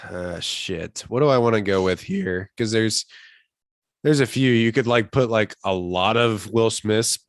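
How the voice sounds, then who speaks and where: A man co-hosting a podcast in casual chat, animated and swearing, often breaking off mid-sentence. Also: fairly low pitch, a little slow, dry recording. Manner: animated, swearing, self-interrupting. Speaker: podcast co-host.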